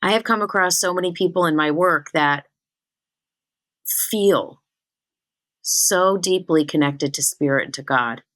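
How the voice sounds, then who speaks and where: A woman hosting her own spiritual podcast, talking in a chatty, animated and self-teasing way. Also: deep voice, no echo. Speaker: spiritual medium and podcast host. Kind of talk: casual solo podcast talk.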